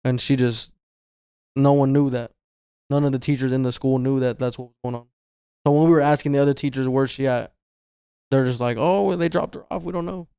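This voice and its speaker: A man's voice: mid-range voice, level tone, fairly quick, long pauses, mellow, smooth, no echo, studio quality. A man talking loosely and with profanity as a podcast host. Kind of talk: casual chat.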